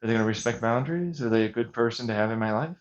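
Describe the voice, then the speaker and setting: A man delivers an intense vlog rant, agitated and sarcastic, firing off one pointed question after another. His pitch sits in a middling range, and the recording sounds dull and lo-fi. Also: rapid-fire. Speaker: vlogger.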